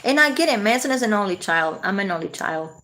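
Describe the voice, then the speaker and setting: A woman's voice: medium pitch, lively intonation, fast, fairly bright tone. A woman vlogging casually, rambling and laughing often as she talks. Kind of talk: casual commentary to camera.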